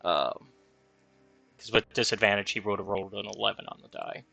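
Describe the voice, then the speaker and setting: Male DM with a bright, forceful voice, thinking aloud over rolls. Dry mic. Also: fairly low pitch, fairly quick, gravelly, dry recording. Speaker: dungeon master. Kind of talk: running a tabletop game session.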